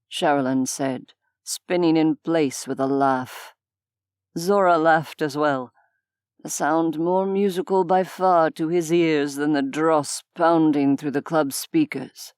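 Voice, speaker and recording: A woman reads an audiobook in a low, unhurried voice, measured and even. Her tone is smooth and crisp, recorded close in a dry studio booth with no room sound. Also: dry recording. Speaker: audiobook narrator. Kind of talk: scripted narration.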